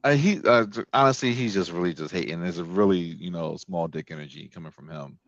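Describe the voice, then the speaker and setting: Low-voiced, crude, joking male podcast host. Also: brisk, vocal fry, muffled recording, a crowd in the background. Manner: animated storyteller, crude and joking, acts out quoted voices. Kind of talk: casual podcast chat.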